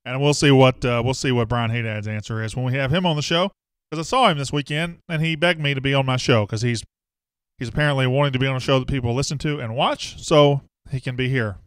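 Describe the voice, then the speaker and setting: A man's voice: medium pitch, fast, smooth, no room sound. A man hosting a casual live sports talk show, rambling and self-deprecating as he greets viewers by name.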